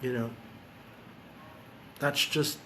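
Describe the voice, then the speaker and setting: A man talking bluntly and profanely in a low, quiet voice while grieving, then singing along to guitar. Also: very slow, a little hiss or hum. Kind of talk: emotional casual talk and singing. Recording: loud guitar music behind.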